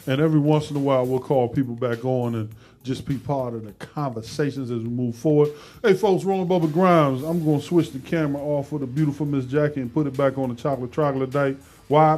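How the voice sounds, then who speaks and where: A man's voice: medium pitch, fairly even intonation, a little fast, darkish tone. A man hosting a live talk show, chatting casually and joking, with loose conversational phrasing. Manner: joking and playful, breaks into laughter.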